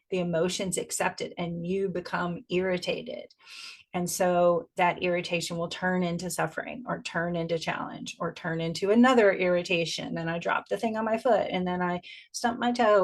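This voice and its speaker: A middle-aged woman giving a spiritual teaching in a gentle, reflective way, slowing down to stress key phrases. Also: fairly low pitch.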